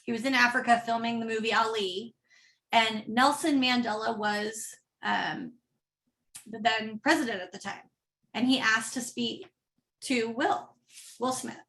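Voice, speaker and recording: Her voice is a little high and sharp in tone, and she keeps a measured pace. She's a pastor giving a conversational sermon in church, frequently turning to the congregation with a "right?"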